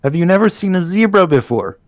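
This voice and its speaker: A man voicing a proud zebra who speaks loudly and indignantly, with a gravelly edge, recorded lo-fi. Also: medium pitch, very animated, unhurried, no echo, heavily acted. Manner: loud, indignant.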